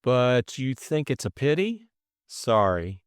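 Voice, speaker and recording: A man's voice: medium pitch, sing-song, slow pace, clean tone, no room sound, studio quality, pitched above the performer's own voice. A man voicing a breezy, chummy young upper-class Englishman in an audiobook drama, talking in a chatty, confiding way. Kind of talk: audiobook character voice.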